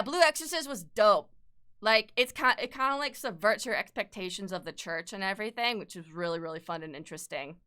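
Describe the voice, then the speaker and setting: A young woman chatting casually on a livestream while she sketches, swearing freely with sudden bursts of excitement. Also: mid-range voice, clear, resonant tone. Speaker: streamer and artist.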